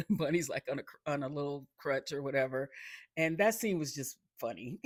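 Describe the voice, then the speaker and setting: A man's voice: medium pitch, fairly quick, no echo, studio quality. A man casually recapping a TV episode, rambling with lots of ums and restarts and chuckling along the way.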